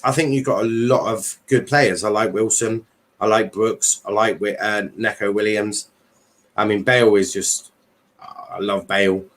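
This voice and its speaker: Man, lowish voice, casual football stream host, rambling, lots of ums and restarts. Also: steady tone, unhurried. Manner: rambling, many fillers and restarts. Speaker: livestream host.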